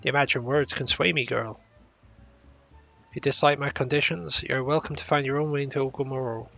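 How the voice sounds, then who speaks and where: A gravelly, stern old sea captain from a fantasy game, put on by a man reading along. His talk is formal and old-fashioned, with a rough fry in the voice and a bright, forceful edge. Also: medium pitch, steady tone, a little fast, faint music behind, rough recording. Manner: formal old-fashioned speech, stumbles over words.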